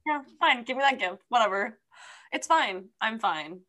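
Woman co-host, slightly high, bright, theatrical exasperation. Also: expressive, moderate pace. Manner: dramatic, exasperated, playful. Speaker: podcast co-host. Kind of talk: casual chat about books.

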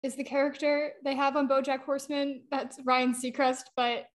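A woman's voice: high-pitched, level tone, normal speed. A young woman co-hosting a podcast, chatting loosely with rambling, trailing thoughts. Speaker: podcast co-host. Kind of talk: casual podcast chat.

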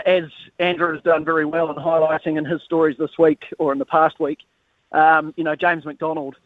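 A man's voice: on the high side, no room sound. A man, out of breath, talking sport in an enthusiastic casual chat with stammering restarts. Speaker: sports reporter. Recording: tinny phone line, dry.

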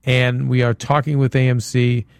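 A man with a gravelly, creaky voice talks loosely as a podcast host, circling back and restarting his sentences. The sound is close and dry, with no room around it. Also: mid-range voice, flat delivery, normal speed, dry recording. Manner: rambling, many restarts. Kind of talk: casual chat.

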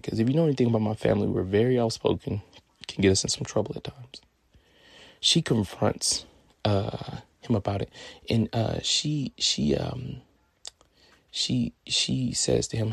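A man from California in his twenties, telling a personal story in a profane, animated way. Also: on the low side, moderate pace, gravelly, breathy edge, no echo, clean studio sound.

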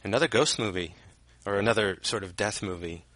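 A man's voice: lowish voice, a little fast, a bit bright, dry recording. A man co-hosting a podcast, musing casually about a movie with many fillers and trailing thoughts. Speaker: podcast co-host. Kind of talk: casual movie commentary chat.

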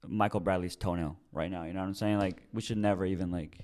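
A man's voice: low-pitched, fairly even intonation, fast talker, darkish tone. A man co-hosting a casual soccer podcast, talking in hesitant restarts with some swearing. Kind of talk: casual sports chat.

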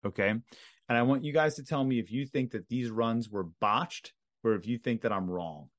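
A man's voice: medium pitch, moderate pace, no echo. A man co-hosting a wrestling podcast, casually leading a segment and reading off a list. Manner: leads the segment, reads off a list. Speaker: podcast co-host. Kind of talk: casual chat.

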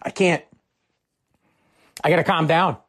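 A man's voice: fairly high pitch, fairly even intonation, unhurried, a bit bright. A man delivering a heated, profane political rant, fired up and repeating himself.

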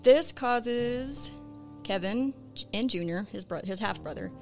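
A woman's voice: fairly high pitch, slow pace, soft background music. Casual woman podcast host recounting a case. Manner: relaxed, conversational, with frequent "um" and "uh". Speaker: true crime podcast host.

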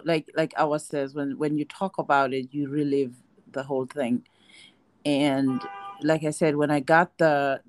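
A woman's voice: low-pitched, darkish tone. A woman speaking candidly and reflectively as a guest in a casual panel discussion, often restarting her sentences. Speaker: guest, breast cancer survivor and advocate.

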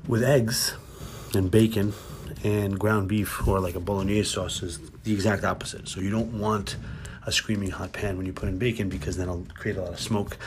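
A man hosting his own podcast, talking casually and swearing a lot as he tells animated workplace stories, then giving cooking tips more calmly and quietly. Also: lowish voice, moderate pace, noisy background. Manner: animated storytelling with lots of swearing. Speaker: podcast host. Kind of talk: casual monologue.

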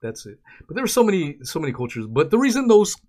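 A man's voice: a little high, sing-song, fast talker, darkish tone. Laid-back joking male podcast host. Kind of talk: casual conversation.

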